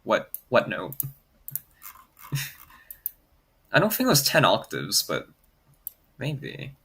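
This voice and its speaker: A man's voice: fairly low pitch, wildly swooping pitch, extremely slow, sharp tone, slightly rough. A man chatting casually on a livestream, rambling with many filler words and reading comments aloud. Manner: rambling, heavy on "like" fillers, reads chat aloud. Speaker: streamer graphing in Desmos.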